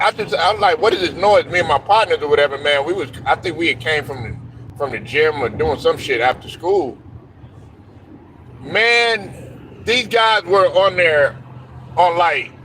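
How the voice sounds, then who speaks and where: A man's voice: fairly high pitch, fairly bright tone, slight background noise. Slangy young man telling stories. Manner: loose storytelling with slang, profanity and laughter. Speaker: sports talk show host. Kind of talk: casual sports talk.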